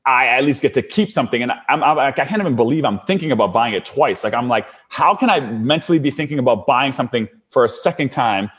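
A man's voice: medium pitch, expressive, fast talker, few pauses, a bit bright, breathy edge. A young adult man casually telling a long personal story, with lots of "like" fillers and his voice rising when he gets worked up. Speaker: storyteller guest.

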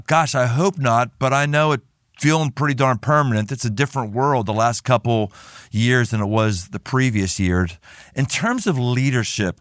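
A man's voice: medium pitch, clean tone, no echo, clean studio sound. A man hosting an interview podcast, asking questions energetically and repeating phrases as he thinks aloud. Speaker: podcast host. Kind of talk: casual interview.

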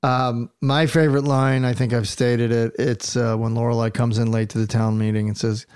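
Chatty podcast host, dry-sounding. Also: male voice, medium pitch, level tone, moderate pace, few pauses, darkish tone, clear, resonant tone, dry recording. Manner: laughing, loose, chatty. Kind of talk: casual chat.

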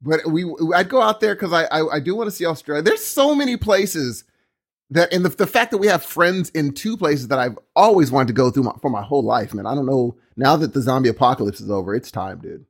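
A man co-hosting a casual podcast chat, playful and quick to laugh, joking in mock accents. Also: on the high side, expressive. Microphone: podcast microphone.

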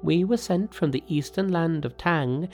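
A man voicing a boastful, clever male monkey sage in an audiobook, talking in a brisk, haughty, self-assured way. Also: on the high side, a little mellow, faint music behind, voice pushed up. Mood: confident. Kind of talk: audiobook narration with character voices.

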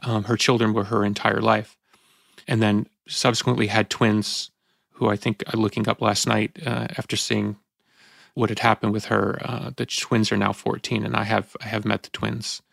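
A man in his fifties, a podcast host, talking in a reflective, halting way with frequent restarts and moments of emotion. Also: fairly low pitch, little pitch movement, gravelly, fairly bright tone, no echo, clean studio sound. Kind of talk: reflective conversational talk.

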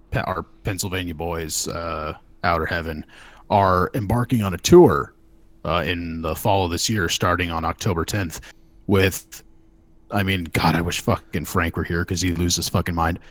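A man's voice: sits low, no echo. A man co-hosting a podcast in casual chat, loose and profane, often restarting his phrases. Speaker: podcast co-host.

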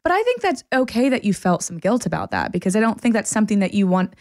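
A woman's voice: mid-range voice, very animated, fast, darkish tone, dry recording. Woman, podcast co-host, thoughtful easygoing chat, dry close mic. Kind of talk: casual chat.

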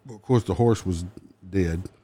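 A man's voice: low voice, normal speed, mellow, breathy edge. A man with a Southern accent, a police officer, telling wry stories from his work in a casual chat and laughing at his own jokes.

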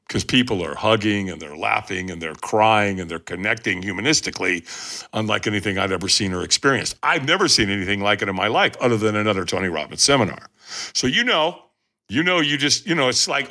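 Lively bright-voiced man telling a story. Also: fairly low pitch, fairly quick. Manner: emphatic, addresses listeners directly. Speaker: podcast guest. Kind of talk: animated storytelling.

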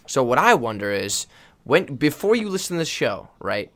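A man hosting a casual podcast with a playful edge. He jumps in often with questions for his guests and the listeners. His voice sits at a middle pitch. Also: very animated, normal speed, a bit bright. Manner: playful, interrupting. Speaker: podcast host, college volleyball player. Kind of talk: casual chat.

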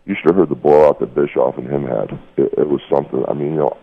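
A man's voice: very deep voice, fairly even intonation, quick pace, vocal fry, slightly rough. A man guesting on a radio show, telling a heated story in a blunt, profane way and calling the listener "brother.". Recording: dull lo-fi radio broadcast.

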